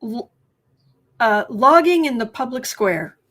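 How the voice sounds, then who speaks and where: A woman hosting a tarot and politics livestream, talking casually with viewers, halting and restarting often as she thinks aloud. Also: a little high, lively intonation, a bit bright. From United States.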